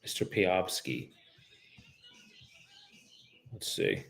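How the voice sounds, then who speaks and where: A man's voice: low voice, big pitch swings, drawn-out words, creaky, a bit bright. A man from the United States, a real estate agent, making cold calls and chatting casually between them, profane and joking. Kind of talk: livestreamed cold calling with running commentary.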